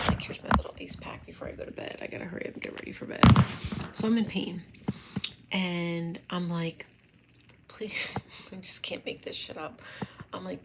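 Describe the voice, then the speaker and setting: A woman's voice: on the low side, fairly even intonation, brisk, heavy background noise. A woman telling a rambling story in a casual vlog, swearing often, breaking into giggles and sometimes dropping to a whisper. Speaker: vlogger.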